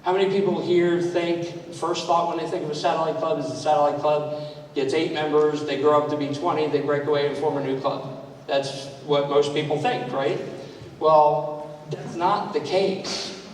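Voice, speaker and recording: At a club training event, a man gives a conversational speech to an audience in a large room, telling anecdotes and quizzing the crowd. His voice is fairly high with fairly even intonation at a moderate pace. The hall is echoey, the mic sits far off, and there's faint noise.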